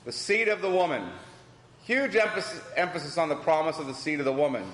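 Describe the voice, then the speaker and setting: A man's voice: a little high, a little fast, fairly bright tone. A man teaching a Bible class, asking the group questions and repeating their answers. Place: church hall. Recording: echoey hall with long reverb.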